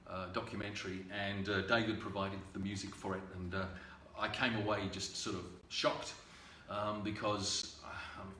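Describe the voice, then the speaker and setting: A man, a singer-songwriter, telling a halting, unhurried story full of ums and uhs before a song at a livestreamed home concert. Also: fairly low pitch, bright, forceful tone, roomy sound, recorded from a distance, a little hiss or hum.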